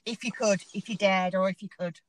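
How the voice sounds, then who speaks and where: A woman's voice: mid-range voice, steady tone, fairly quick, low-quality recording. A woman with a Hull accent who pronounces her H's, co-hosting a podcast with eager, repetitive chatter. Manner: enthusiastic, repeats herself. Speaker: podcast co-host. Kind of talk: casual chat.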